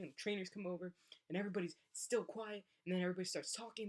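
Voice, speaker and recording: Young woman, low voice, casual vlog storytelling, animated, acts out voices. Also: quick pace. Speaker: college athlete.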